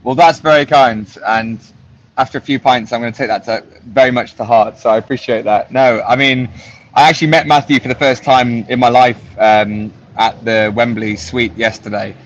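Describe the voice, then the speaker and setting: A polite, measured man talking as a guest on a casual video call. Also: mid-range voice, steady tone, dull audio. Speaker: guest commentator. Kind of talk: casual chat.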